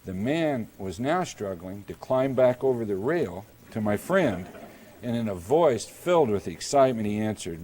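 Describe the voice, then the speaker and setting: A middle-aged man from Kansas, a mayor, delivering a prepared public lecture in a measured, deliberate storytelling manner. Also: lowish voice, big pitch swings, a little mellow.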